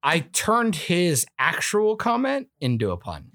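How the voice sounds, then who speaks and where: A man's voice: on the high side, huge pitch swings, a little slow, few pauses, no room sound. Guy on a movie podcast, swears nonstop, voice jumps all over the place, dry close mic. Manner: loud, swearing, theatrical mock outrage. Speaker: podcast co-host. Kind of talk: casual movie review chat.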